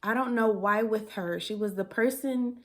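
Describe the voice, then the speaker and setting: A woman's voice: medium pitch, moderate pace. A young woman telling a personal story in a casual, chatty way, laughing often and using dialect grammar. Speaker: storytime vlogger.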